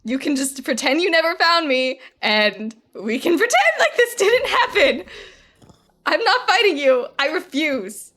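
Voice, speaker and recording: A woman voicing a reluctant young female cleric who pleads in halting, hesitant words. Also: high voice, very animated, pushed and bright, exaggerated voice. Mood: pleading.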